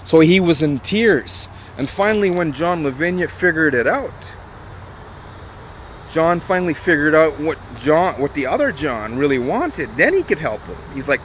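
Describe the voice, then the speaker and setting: A man's voice: a little high, lively intonation, moderate pace, a bit bright, slight background noise. A man telling a motivational story in a casual vlog, talking straight to his viewers, emphatic and repetitive, with a little swearing. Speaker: online marketer.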